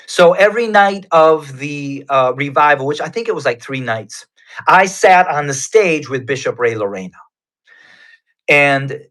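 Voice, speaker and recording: This guest's pitch is a little high and his tone fairly bright. He recounts his own faith story unhurriedly, in a sincere and conversational manner.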